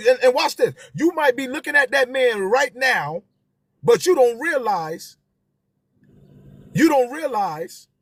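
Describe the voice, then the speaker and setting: A man's voice: very high voice, a bit bright, slightly rough, dry recording, clean studio sound. A man, hosting a live stream and talking to viewers with passion, repeating his key phrases for emphasis.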